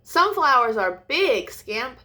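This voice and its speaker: A woman voicing an eager, excitable young male critter, the big brother in a storybook, with a squealy, breathless voice. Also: high-pitched, slow, full character voice. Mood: excited.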